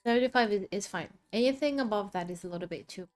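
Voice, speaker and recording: A woman's voice: medium pitch, fast, soft background music. A woman streaming live while she draws, chatting casually with her chat between bites and laughing often. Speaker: art streamer.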